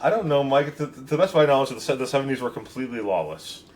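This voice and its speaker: A man's voice: medium pitch, expressive, very fast, a little mellow. A man from Michigan co-hosting a podcast, chatting casually about comics in a wry, laid-back way and often laughing. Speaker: podcast co-host. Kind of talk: casual comic-book discussion.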